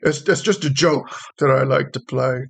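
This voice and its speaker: A man's voice: medium pitch, fairly even intonation, normal speed, vocal fry, husky. A man voicing a goofy grown shopkeeper who sounds sheepish and deflated.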